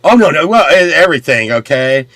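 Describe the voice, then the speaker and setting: A middle-aged man telling a rowdy story in casual chat, swearing and loudly acting out the people in it. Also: on the high side, fairly quick, no room sound, faint music behind. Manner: animated, swearing, acts out quotes loudly. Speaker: podcast host.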